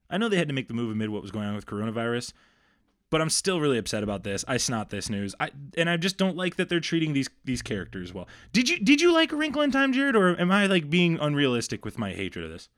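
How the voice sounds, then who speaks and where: A man's voice: mid-range voice, quick pace, dry recording. Podcast guy ranting about stuff, voice jumps all over, dry mic. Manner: animated, ranting. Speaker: podcast co-host. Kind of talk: casual chat.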